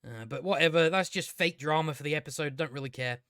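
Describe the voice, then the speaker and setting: Young male reviewer, slightly high voice, rambling and sarcastic, dry close mic. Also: quick pace, fairly bright tone, no room sound. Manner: rambling, sarcastic, sweary, many restarts. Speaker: TV episode reviewer.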